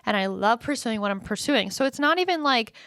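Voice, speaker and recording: Woman podcasting solo, chatty and candid, lotsa ums, voice a bit high, dry close sound. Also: lively intonation, fairly quick, fairly bright tone, no room sound. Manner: chatty, candid, self-deprecating with frequent fillers; dramatic voice swings when quoting her own thoughts. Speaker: podcast host. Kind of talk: casual solo podcast monologue.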